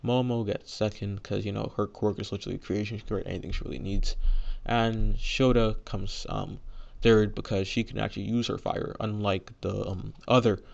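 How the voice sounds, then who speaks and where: A man's voice: fairly low pitch, fairly even intonation, normal speed, gravelly, muffled recording. A young man casually retelling a fan-made story, rambling with lots of fillers and restarts.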